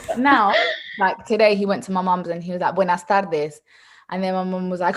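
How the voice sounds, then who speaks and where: A woman's voice: on the low side, steady tone, normal speed. A woman guest in a casual interview, telling personal stories in a chatty way and laughing often. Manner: chatty storytelling with frequent laughs.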